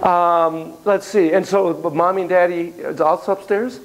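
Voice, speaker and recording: A man working as a child psychotherapist in a play therapy demonstration, talking gently and reflectively in a playroom. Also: high voice, fairly even intonation, normal speed, a little hiss or hum, poor audio.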